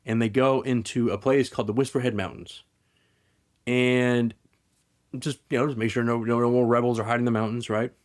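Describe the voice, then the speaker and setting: A male podcast host retells a story in casual, rambling chat, tripping over restarts and fillers. He talks fast, at a middle pitch. His delivery stays animated throughout.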